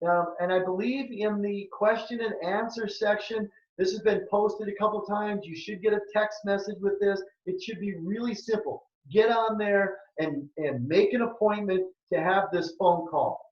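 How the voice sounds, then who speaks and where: Man in his sixties, health practitioner, emphatic and repetitive, slightly high voice, muffled echoey audio. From southern Minnesota. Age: 60s. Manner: earnest, emphatic, repeats key phrases. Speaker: health and wellness practitioner presenting a webinar. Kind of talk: presentation with a sales pitch.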